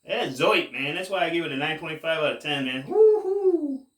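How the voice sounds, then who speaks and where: A man casually rambling to camera as a cannabis vlogger, laid-back and drawn-out, saying "man" a lot, high while he talks. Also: bright, forceful tone, echoey room, distant mic. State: high, getting more stoned.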